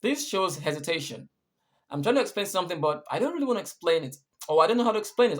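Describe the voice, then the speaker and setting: A man's voice: on the high side, expressive, fast. A man teaching English punctuation, patiently repeating and rephrasing each point. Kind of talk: explaining punctuation rules.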